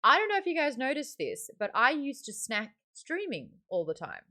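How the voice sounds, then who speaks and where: An Australian woman hosting a live stream in a candid, chatty way. Her bright voice swings widely in pitch and is full of expression. She talks openly and adds small fillers along the way. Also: huge pitch swings, moderate pace. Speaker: streamer and book club host. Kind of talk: casual live-stream chat.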